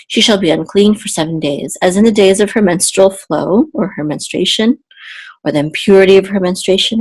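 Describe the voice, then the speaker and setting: A woman's voice: medium pitch, slightly rough. Female Hebrew tutor, slightly sore throat, patient explainer who breaks into sung chant phrases. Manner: explains slowly, then chants the trope melodies. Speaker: Hebrew teacher. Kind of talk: online Bible Hebrew lesson.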